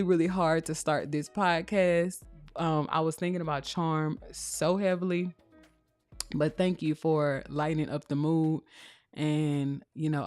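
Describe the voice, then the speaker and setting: A woman's voice: low voice, darkish tone, dry recording. A young woman from Texas hosting a live podcast, reading viewer comments aloud and chatting casually with plenty of laughter and teasing. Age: young adult. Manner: reads chat comments aloud. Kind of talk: casual live-stream chat. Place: home. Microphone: close microphone.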